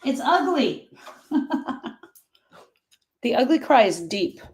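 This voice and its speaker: A woman's voice: fairly high pitch, very animated, slow, slightly rough. A woman grief coach talking casually to viewers on a live stream, earnest and repeating herself as she drifts off topic.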